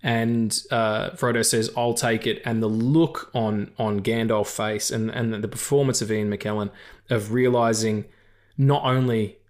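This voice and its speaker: A man hosting a podcast, talking casually about films in an animated, rambling and profane way. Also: fairly low pitch, a little slow. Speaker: podcast host. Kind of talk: casual film-discussion chat.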